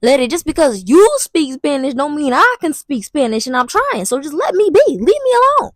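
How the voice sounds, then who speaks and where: A woman's voice: high-pitched, very animated, brisk, no room sound. A young woman telling a dramatic, slangy storytime vlog. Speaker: vlogger. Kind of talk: casual storytime monologue.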